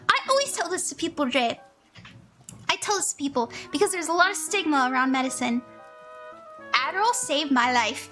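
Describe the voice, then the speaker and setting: A woman's voice: high-pitched, pushed and bright. A young woman reading tarot cards live for her chat, gushing and emotional, laughing often as she talks to viewers. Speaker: livestream tarot reader. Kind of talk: casual livestream chat. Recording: faint music behind.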